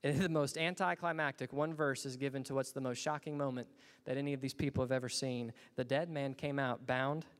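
A man's voice: medium pitch, steady tone, a little fast. Earnest man preaching in a reverberant hall. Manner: earnest, rising to emphatic bursts. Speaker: pastor. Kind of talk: sermon.

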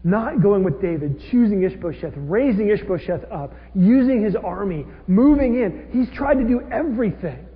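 Male pastor, high voice, animated sermon delivery, muffled lo-fi recording. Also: normal speed, hardly any pauses. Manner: animated, acts out quoted characters with rising intensity. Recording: dull lo-fi audio with long hall reverb.

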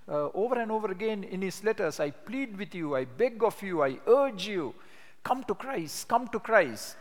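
A man delivers a sermon with a fairly high-pitched voice, pressing down on key words and drawing them out for emphasis. His voice rings through a church hall with a long reverb tail. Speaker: preacher.

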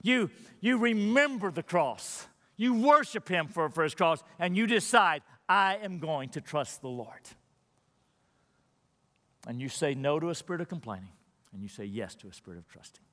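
A man's voice: on the high side, big pitch swings, brisk. Emphatic preaching man in a big hall. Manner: emphatic preaching, rising loud then dropping to a hushed prayer. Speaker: pastor. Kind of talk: sermon. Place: church sanctuary. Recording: long reverb of a large hall.

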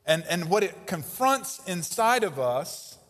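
A man preaching a sermon as pastor, emphatic, with loud stresses and quiet asides. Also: high voice, very animated, slow, in a large hall. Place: church sanctuary.

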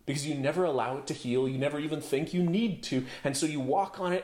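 A man's voice: on the high side, brisk, few pauses, a little mellow, reverberant. A man preaching a sermon as pastor, in a conversational storytelling way, with plenty of rhetorical questions. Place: home office.

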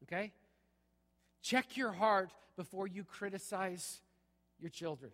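In a church sanctuary, a middle-aged male pastor preaches in a punchy, conversational way, checking in with "okay?" again and again. His voice sits high, is fairly bright, and moves slowly. A long hall reverb fills the recording.

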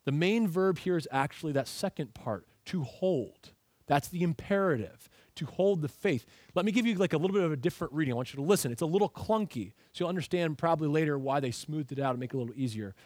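A man's voice: fairly high pitch, no room sound. A man preaching a sermon as pastor, teaching through a text with emphatic rhetorical questions.

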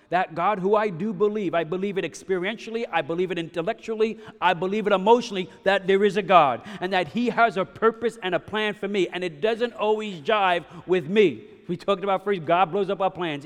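A man preaching a sermon, emphatic, shifting between loud bursts and hushed passages, often checking in with his listeners with "yes?" and "right?". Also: sits high, in a large hall. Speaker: pastor.

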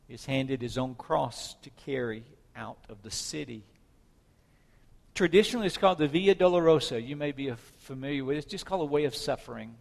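A man's voice: a little high, vocal fry, darkish tone. A man preaching a sermon, retelling a story dramatically with swelling emphasis. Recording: hall reverb.

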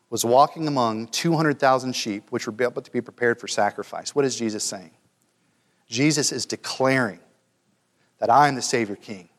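A man's voice: mid-range voice, a bit bright, long reverb tail. A man preaching a sermon to a room of men, earnest and building to emphatic peaks, stumbling over repeated words.

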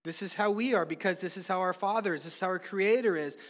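A middle-aged man with a notably high voice preaches a sermon in an easygoing, conversational way, mixing teaching with funny family stories. His voice rings out with a long reverb, as in a large hall. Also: fast, a bit bright. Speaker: pastor.

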